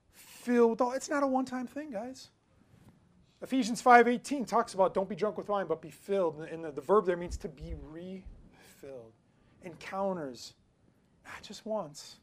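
Casual storytelling male preacher. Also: sits high. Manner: casual, storytelling, swings between loud emphasis and quiet asides. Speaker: pastor. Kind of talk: sermon.

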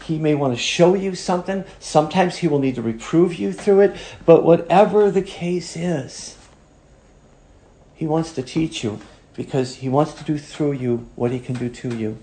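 A man's voice: mid-range voice, mellow, echoey room. A man preaching a sermon as pastor, emphatic and growing fervent as he drives his points home.

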